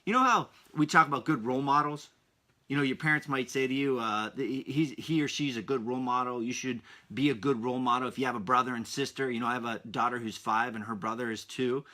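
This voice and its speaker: A man's voice: mid-range voice, quick pace, pushed and bright. A man in his thirties hosting a podcast for kids, talking in an upbeat, enthusiastic way and speaking to his young listeners directly. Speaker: podcast host. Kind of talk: upbeat kids' podcast talk.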